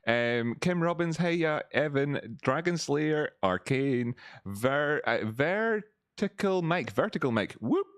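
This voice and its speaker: A man's voice: on the high side, animated, slow, clean tone, no room sound, clean studio sound. A man hosting a casual live stream through a voice changer, chatty and laughing often as he greets viewers.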